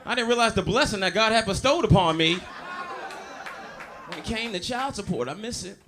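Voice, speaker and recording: A man doing a stand-up comedy set on a club stage, loud and storytelling, working the crowd. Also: high-pitched, animated, brisk, noisy background.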